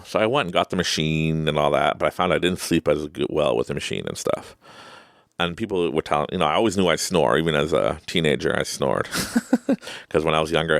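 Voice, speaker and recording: A man's voice: very deep voice, vocal fry, no echo, studio quality. A middle-aged man hosting a podcast, telling a personal story in a rambling, casual way with frequent restarts and laughter. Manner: rambling, self-interrupting, laughs often. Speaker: podcast host.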